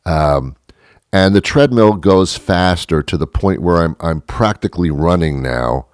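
A man's voice: deep voice, measured pace, dry recording, clean studio sound. A man telling a rambling, exaggerated comic story about himself, acting out the lines of the people in it. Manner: rambling, exaggerated, animated retelling with acted quotes.

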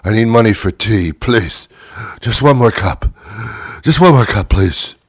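A man's voice: lowish voice, lively intonation, unhurried, breathy edge, no room sound, studio quality, voice pushed up, full character voice. A man voicing a desperate, whiny beggar on the street, pleading over and over for one more cup of tea.

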